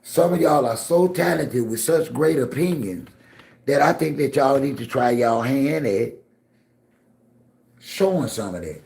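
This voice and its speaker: A man's voice: medium pitch, lively intonation, a little slow, creaky, a little mellow, roomy sound. A man hosting a casual livestream, talking straight to his chat in a blunt, scolding, streetwise way. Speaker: livestream host.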